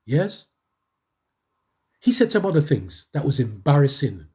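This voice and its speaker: Middle-aged man, lay preacher, raised pitch, mellow tone, emphatic repetition. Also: sing-song, measured pace. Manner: emphatic, conversational, repeats phrases for emphasis. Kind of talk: sermon testimony.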